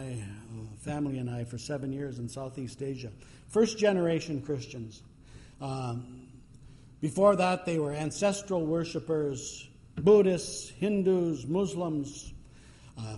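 A man's voice: fairly high pitch, mellow, long reverb tail. A man preaching a sermon, telling stories in a casual, conversational way with fillers.

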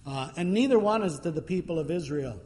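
A man's voice: a little high, lively intonation, fairly quick, darkish tone, big-room sound. A man preaching a sermon, telling stories in a casual, conversational way with fillers.

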